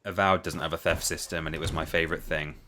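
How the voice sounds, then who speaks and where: A man's voice: rumbling low, steady tone, quick pace, noisy background. A man hosting a live gameplay stream, chatty and musing as he wanders through the game. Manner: chatty, musing, self-interrupting. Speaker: livestream host.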